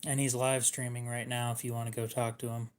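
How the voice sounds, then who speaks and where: A man chatting casually on a livestream while showing knives for sale, speaking in a flat monotone. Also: medium pitch, brisk, smooth. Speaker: livestream knife seller.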